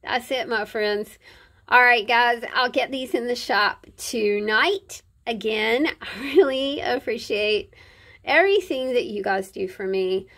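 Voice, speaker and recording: A middle-aged woman chats her way through a show-and-tell of handmade journals. Her voice has a gravelly edge, and she talks slowly and unhurriedly, wandering off with fillers. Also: a little high. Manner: chatty, warm, rambling with fillers. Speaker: crafter showing handmade journals. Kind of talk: casual show-and-tell vlog.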